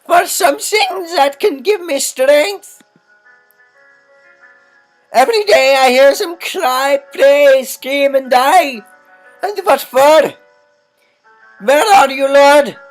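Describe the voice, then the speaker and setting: A shrill wailing sister. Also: faint music behind, poor audio. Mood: wailing despair. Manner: wailing, drawn-out, deliberately silly high voice. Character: despairing nun-like sister, shrill and tearful. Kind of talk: reading game dialogue aloud.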